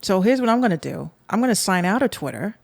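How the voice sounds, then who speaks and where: A woman's voice: medium pitch, very animated, fast, vocal fry, no room sound. Blunt profane Bronx woman podcaster. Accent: New York (Bronx). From the Bronx, New York. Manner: blunt, profane and sarcastic, talking straight to listeners. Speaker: podcast host. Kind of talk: casual podcast rant.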